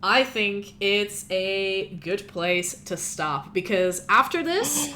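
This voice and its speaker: A woman's voice: mid-range voice, animated, slow pace, bright, forceful tone, a little hiss or hum. A woman narrating and running a tabletop role-playing game in a casual, rambling way, with many fillers. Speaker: game master.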